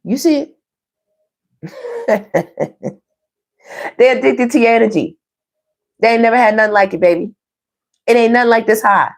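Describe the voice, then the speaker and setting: A woman's voice: on the high side, fast talker, long pauses. A woman doing a casual online tarot reading, chatty and playful, who laughs often and talks straight to her viewers. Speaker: tarot reader.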